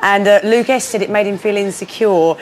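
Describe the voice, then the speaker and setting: A woman's voice: medium pitch, fairly even intonation, a little fast, a little hiss or hum. A British woman reporting gossip as a guest on a reality spin-off show, in a conspiratorial tone. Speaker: guest presenter.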